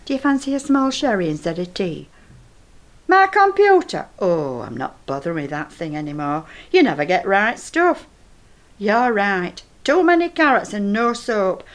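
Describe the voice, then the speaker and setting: A woman's voice: mid-range voice, very animated, moderate pace. An older woman with a Northern English accent, telling a comic monologue in a chatty, gossipy and flustered way.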